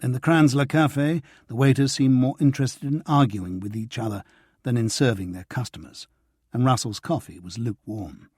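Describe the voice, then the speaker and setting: A man narrates a spy thriller audiobook at a middle pitch. His voice is a little husky and his delivery stays measured and even. The studio sound is close and dry, with no room echo.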